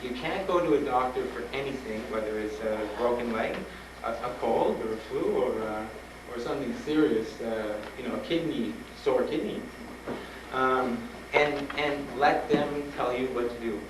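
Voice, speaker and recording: A man speaking to students, telling a personal story with animated retellings and frank urging. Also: mid-range voice, normal speed. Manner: animated, acts out dialogue, laughs often. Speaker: guest speaker at a school. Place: school hall with an audience. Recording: roomy old tape from a distant mic, noisy.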